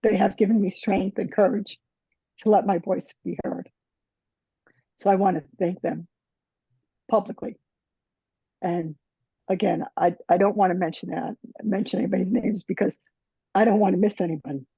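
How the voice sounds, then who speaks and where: A woman presenter giving personal closing remarks at a conference, halting and restarting often and checking in with "right?". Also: mid-range voice, steady tone, gravelly, husky, dry recording. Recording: dull dry lo-fi sound.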